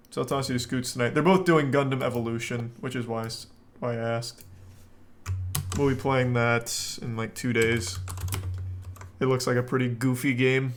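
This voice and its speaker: A male streamer chatting casually, reacting to clips with wry remarks and thanking viewers. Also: mid-range voice. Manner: laid-back, wry commentary, thanking viewers.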